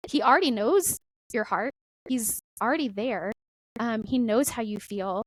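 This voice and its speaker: A middle-aged woman talking casually about faith as a podcast guest, animated and full of "like" and "right?". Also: on the high side, measured pace, dry recording, poor audio.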